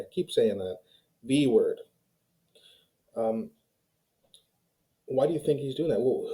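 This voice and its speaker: A man's voice: mid-range voice, mellow, rough recording. A man hosting his own video channel, giving heated, opinionated commentary straight to his viewers. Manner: heated, ranting, talks straight to viewers as "guys". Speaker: YouTube commentary host. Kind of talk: opinionated casual commentary to camera.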